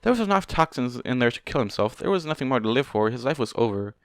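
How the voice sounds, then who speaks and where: A man's voice: medium pitch, sing-song, fast, no room sound, studio quality. A young man reading fan fiction aloud, breaking off to swear and rant at the characters.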